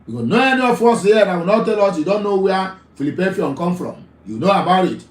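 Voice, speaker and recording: A man's voice: high-pitched, sing-song, fast, reverberant, low-quality recording. A Nigerian man hosting a live call-in talk show, emphatic, often repeating his phrases.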